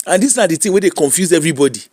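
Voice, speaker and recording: A Nigerian man delivering animated comic commentary while he streams, mixing in Pidgin. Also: on the high side, racing, no room sound. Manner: animated, mixes Pidgin and Yoruba.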